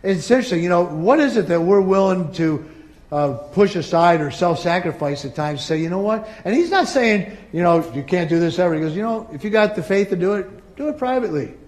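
A middle-aged male pastor preaching a sermon, swinging between loud emphatic peaks and quiet asides. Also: high-pitched, lively intonation, brisk.

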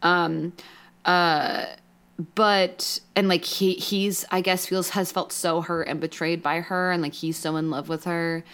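A young woman in casual podcast chat, her voice sitting a little low for a woman. She rambles and restarts, stacking "like" fillers as she talks through her feelings. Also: unhurried, smooth. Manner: rambling, many "like" fillers, emotional and animated. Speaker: podcast co-host.

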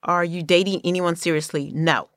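A woman's voice: fairly low pitch, steady tone, normal speed, a bit bright, no echo, studio quality. A middle-aged woman from the Bay Area hosting a podcast, telling personal stories in casual, candid, profane chat. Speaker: podcast host.

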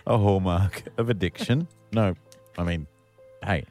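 A man's voice: low voice, a little slow, a little mellow, soft background music. An Australian man co-hosting a radio show, teasing his co-host with dry, ribbing humour. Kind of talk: casual radio banter.

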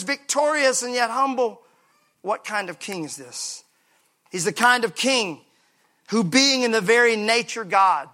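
Pastor, male, high bright voice, energetic, joking sermon with congregation repeating lines. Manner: lively preaching with call-and-response and humor. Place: church sanctuary.

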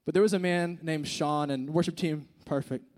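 A man's voice: fairly high pitch, steady tone, moderate pace, a little mellow. A young man giving an informal sermon at a church service, telling a personal story in a casual, earnest way full of fillers like "like" and "dude". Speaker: youth speaker. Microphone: handheld microphone.

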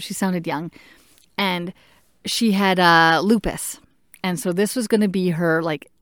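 A woman casually telling a personal story in an animated way, acting out what people said to her. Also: lowish voice, dry recording, clean studio sound. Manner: animated, acts out what others said. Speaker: patient recounting a procedure.

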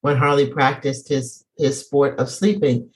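A woman hosting a casual chat, playful and animated, laughing as she talks. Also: very deep voice, measured pace, rough recording. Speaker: podcast host.

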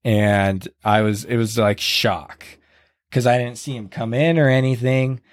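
A man casually retelling a hard race on a podcast, earnest and halting, with many restarts and quoted lines. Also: medium pitch, fairly even intonation, dry recording. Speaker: podcast host recounting a race. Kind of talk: casual storytelling chat.

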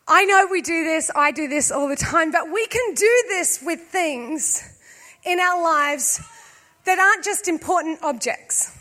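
A woman pastor preaching a sermon, speaking conversationally with humor and slowing down for emphasis. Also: extremely high pitch, pushed and bright.

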